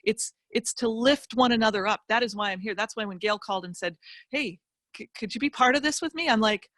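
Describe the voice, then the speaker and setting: A middle-aged woman, a financial educator appearing as a guest speaker, tells a personal motivational story with emphatic, animated delivery and vivid asides. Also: on the high side, fairly quick, dry recording, clean studio sound.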